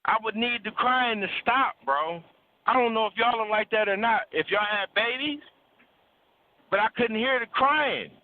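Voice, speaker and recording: A man with a fairly high voice lectures bluntly and preachily, swearing freely and hammering points by repeating words. He is heard over a thin, phone-like call line with little low end. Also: lively intonation, normal speed. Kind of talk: casual call-in talk about relationships.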